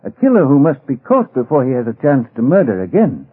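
Mister Keen, a grave detective. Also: male voice, medium pitch, huge pitch swings, husky. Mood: stern. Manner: grave, measured. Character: Mister Keen, calm firm male detective. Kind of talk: 1950s radio drama acting. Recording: tinny old radio broadcast.

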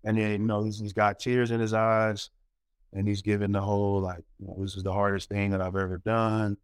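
A man's voice: lowish voice, a little fast, smooth, no echo. A man in his forties, a former college basketball player, telling stories in a casual interview with lots of fillers and acted-out quotes. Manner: animated storyteller, many fillers, acts out quotes.

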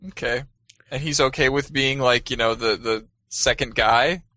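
A man's voice: mid-range voice, fairly even intonation, normal speed, pushed and bright, no echo. A man in casual chat, chiming in with jokes and short questions. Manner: joking interjections.

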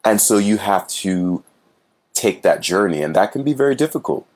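Deep-voiced man talking about his craft. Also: lively intonation, moderate pace, darkish tone. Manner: earnest, reflective, acts out little voices when telling stories. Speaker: Broadway actor guest. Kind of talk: casual interview chat.

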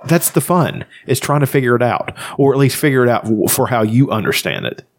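A man's voice: mid-range voice, animated, a little fast. A man chatting casually on a podcast, rambling and swearing freely as he retells movies. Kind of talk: casual chat.

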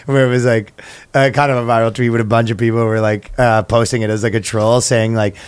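A man's voice: mid-range voice, little pitch movement, fairly quick, clean tone. A man co-hosting a comedy podcast in casual, joking chat, often slipping into voices of others. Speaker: podcast co-host.

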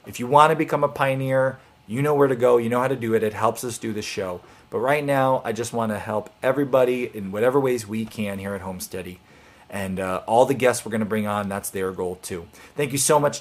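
A man hosting a live online homesteading show, talking casually and earnestly to viewers with encouraging, rambling speech and restarts. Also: mid-range voice.

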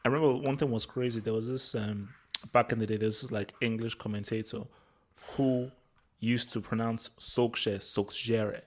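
A man's voice: mid-range voice, fairly even intonation, fairly quick. A man in casual football chat, telling stories with many stammered restarts and laughter. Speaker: podcast co-host.

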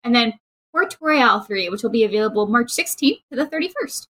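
A woman's voice: a little high, expressive, brisk, a bit bright. Woman with a light, playful tone. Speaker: podcast co-host. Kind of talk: casual gaming podcast chat.

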